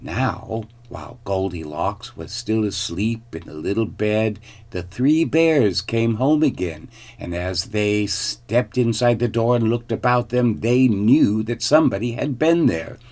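Slow, low-voiced male storyteller. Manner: slow, deliberate, expressive. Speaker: narrator. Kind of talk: storybook reading.

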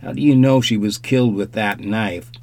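A man reading an audiobook, voicing a calm, dry, quietly mocking private detective close to his own voice. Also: lowish voice, normal speed, natural voice. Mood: cool, sly. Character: cool, sardonic private detective.

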